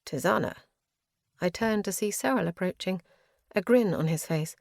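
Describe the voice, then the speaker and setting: A woman's voice: medium pitch, moderate pace, darkish tone, no room sound. Female fantasy audiobook narrator, earnest, grief-laden, dry close mic.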